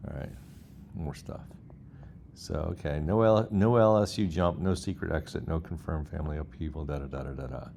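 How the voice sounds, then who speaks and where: A man's voice: very deep voice, fairly even intonation, moderate pace, vocal fry, darkish tone, slight background noise. A man hosting a casual vlog, reading chatbot replies aloud with incredulous asides. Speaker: host.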